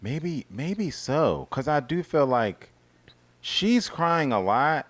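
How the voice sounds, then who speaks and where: A man co-hosting a casual TV review chat, talking loosely with restarts and drifting into a quiet murmur. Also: very animated, slow pace. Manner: conversational, restarts and trails off in a low murmur. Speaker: co-host of a reality TV review show.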